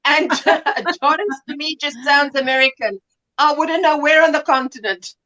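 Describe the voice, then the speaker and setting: A woman guest on a live video chat, lively and jokey, quick to jump in with asides. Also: high-pitched, muffled recording. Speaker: panel guest on a live stream. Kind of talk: casual live-stream chat.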